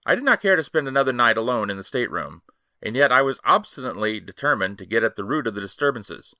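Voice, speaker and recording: A man giving a measured, expressive first-person reading of a classic ghost story as a podcast host. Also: fairly low pitch, gravelly, no room sound, studio quality.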